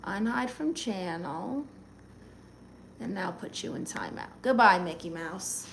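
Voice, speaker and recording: A woman's voice: medium pitch, lively intonation, takes it slowly, gravelly, a little hiss or hum. A woman hosting a live stream, reading viewers' comments aloud and answering them in a sassy, blunt, teasing way.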